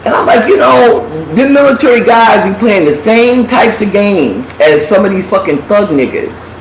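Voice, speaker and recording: A woman's voice: mid-range voice, normal speed. A woman host telling a personal story in casual chat, with lots of profanity, acting out what people said. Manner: profane, animated, acts out quotes. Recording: echoey room with faint noise.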